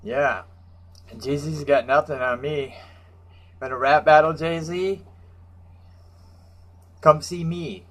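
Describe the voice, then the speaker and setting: A man's voice: fairly high pitch, fairly even intonation, takes it slowly, pauses often, fairly bright tone. A man ranting casually about comic books in a brash, profane, mocking way. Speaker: comic book reviewer.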